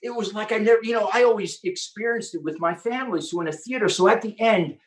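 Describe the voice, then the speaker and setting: A man hosting an online conference, telling an inspirational story with excitement and acting out the quotes. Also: high voice, fast talker, rough recording. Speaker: host.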